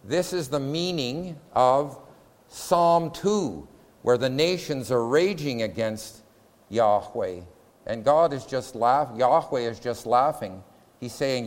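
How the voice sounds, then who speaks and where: A man lecturing a class in a methodical, step-by-step way, numbering his points and pausing to question the room. His voice sits at an ordinary middle pitch. A long reverb trails behind every phrase.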